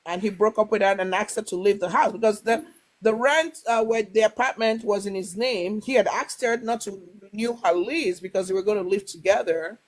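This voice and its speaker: A woman's voice: mid-range voice, a little fast, rough recording. A woman hosts a casual livestream and tells her viewers a story she heard. She rambles, restarts her sentences and fills the gaps with small fillers. Now and then she acts out what the people in the story said. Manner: acts out quoted dialogue. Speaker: livestream host.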